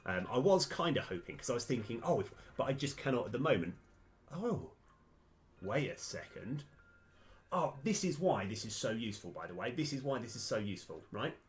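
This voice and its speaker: A man live-streaming a game, thinking aloud with lots of fillers and sudden bursts of excitement. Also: medium pitch, brisk. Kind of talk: live-stream commentary while playing and mapping a game.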